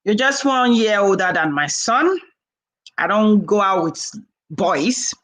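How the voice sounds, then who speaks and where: Lady in her 40s vlogging, bright forceful voice, lively storytelling with laughs. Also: medium pitch, slow pace, poor audio. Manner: animated, laughing, acts out quoted dialogue. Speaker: vlogger and herbal seller. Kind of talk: casual chat to camera.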